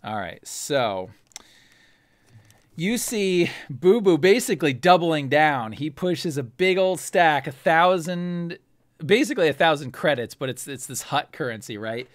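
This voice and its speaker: A man's voice: a little high, normal speed, no room sound, studio quality. Casual male game master. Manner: casual, lively narration with filler words. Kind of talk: narrating a tabletop game.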